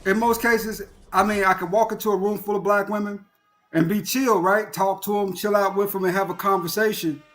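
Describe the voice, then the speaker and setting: A man with a notably high voice chats on a live stream. He talks in a reflective, preachy way. Faint music sits in the background. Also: fairly even intonation, fairly quick, fairly bright tone. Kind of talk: casual live-stream chat.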